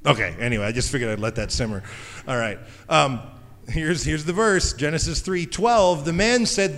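A man preaching a sermon in a conversational, jokey way, with animated asides. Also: a little high, normal speed. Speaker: pastor. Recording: long hall reverb.

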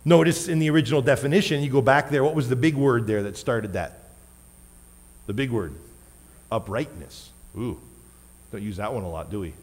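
A man preaching a sermon as a pastor, wearing a microphone, emphatic, with loud stressed words and quiet asides. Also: medium pitch, moderate pace, long pauses. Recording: long hall reverb.

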